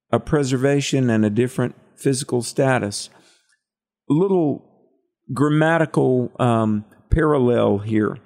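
A man's voice: medium pitch, darkish tone. A man co-hosting a Bible study discussion, reading scripture and drawing out its meaning in a preacherly way. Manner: preacherly, asks questions of co-host. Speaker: Bible teacher co-host.

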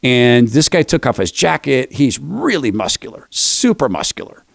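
Gravelly older man telling a story. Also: mid-range voice, moderate pace, no room sound, studio quality. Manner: animated storyteller, self-deprecating. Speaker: host commenting on clips. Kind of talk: commentary with personal storytelling.

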